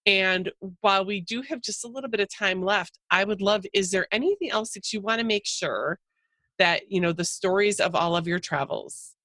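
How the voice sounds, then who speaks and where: A woman hosts an interview show, her voice bright and forward. She encourages her guest and affirms what she says, heard close and dry. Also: mid-range voice, moderate pace, no room sound. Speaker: podcast host.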